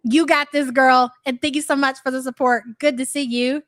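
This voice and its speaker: Young woman streamer, high voice, sarcastic and swearing a lot, dry sound. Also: fairly even intonation, normal speed, a bit bright, no room sound. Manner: blunt, sarcastic, profane. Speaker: streamer host. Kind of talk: live reaction commentary.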